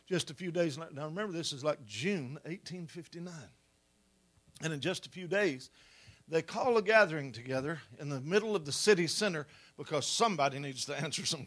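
A middle-aged man preaching a sermon, telling a story with rising, animated delivery. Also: on the high side.

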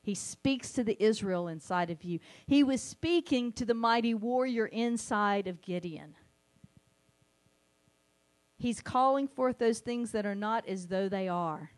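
A woman preaching a sermon, animated, sometimes acting out the voices she quotes. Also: a little high, unhurried.

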